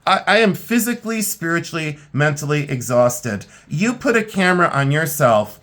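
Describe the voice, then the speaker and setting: A worn-out, tired middle-aged man previews vintage jewelry for sale in a casual chat, frank, plainspoken and rambling a little. His voice is a little high and a bit bright, very animated, at a moderate pace.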